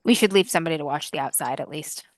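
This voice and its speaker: A woman playing in a tabletop game, chatting fast and saying like a lot. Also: low voice, a little hiss or hum. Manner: lively and quick, says like a lot. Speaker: player. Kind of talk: casual tabletop game chat.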